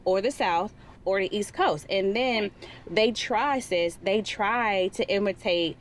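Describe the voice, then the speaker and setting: A woman's voice: mid-range voice, slow, slight background noise. A young woman from California co-hosting a podcast, chatting casually with lots of fillers. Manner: chatty, many fillers, laughs. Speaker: podcast co-host. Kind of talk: casual chat.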